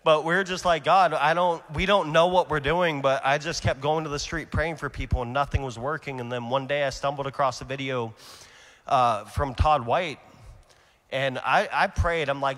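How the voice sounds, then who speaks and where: A young adult man preaching his testimony at a conference, earnest and animated, swinging between loud and hushed delivery. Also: medium pitch, moderate pace. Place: large conference hall. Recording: long hall reverb.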